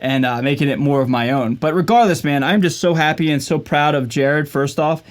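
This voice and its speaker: A man's voice: on the high side, brisk. A man talking casually to the camera at home in a vlog, upbeat and chatty and filling his talk with "man" and "like". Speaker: vlogger and guitarist. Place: at home in his usual filming spot.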